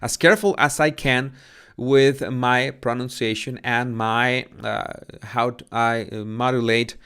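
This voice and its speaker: Latino spanish-accented guy rambling on his channel, smooth voice, stutters n restarts a lot, careful with his words. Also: medium pitch, steady tone, unhurried, fairly bright tone. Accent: Latin American Spanish. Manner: careful with pronunciation. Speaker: channel host. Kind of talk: casual rambling live chat.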